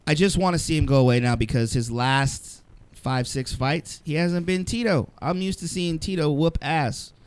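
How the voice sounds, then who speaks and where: A man's voice: a little high, normal speed, clean tone, no echo. Blunt, profane male podcast co-host. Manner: blunt, profane, laughs often. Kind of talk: casual sports chat. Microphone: studio mic, live-streamed show.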